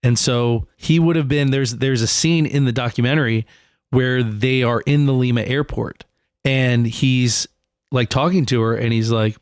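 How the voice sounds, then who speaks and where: A man co-hosting a podcast and telling a true story with loose, animated energy, cursing as he goes. His voice sits at an ordinary middle pitch. The sound is dry and close, with no room echo. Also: moderate pace, clean tone. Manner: animated storyteller, swears freely. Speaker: podcast co-host. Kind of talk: casual podcast chat.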